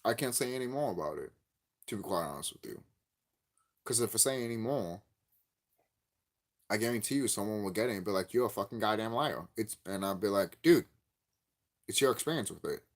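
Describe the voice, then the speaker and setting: A man's voice: fairly quick, pauses often. A man giving a profane, angry vlog rant about a game, repeating himself and cursing. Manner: angry, profane, repetitive ranting; lively swinging pitch, gets loud and high when worked up. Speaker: YouTube game commentator. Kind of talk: ranting vlog commentary.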